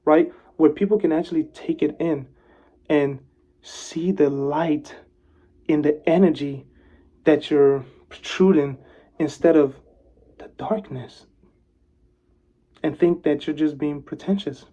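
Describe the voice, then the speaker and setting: Man swinging between loud and hushed. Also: on the high side, a little slow, muffled recording. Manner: swings from loud and animated to soft, hushed calm; moves toward and away from the camera while talking. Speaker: vlogger giving advice. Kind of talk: motivational talk to camera. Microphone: camera mic, speaker moving closer and farther.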